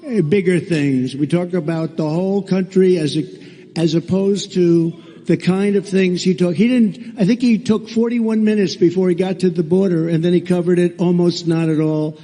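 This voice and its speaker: A man's voice: high-pitched, steady tone, moderate pace, warm tone. Blunt, sarcastic man speaking in a big hall. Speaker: political candidate at a rally. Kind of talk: rally speech. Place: large rally venue. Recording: long reverb of a large hall.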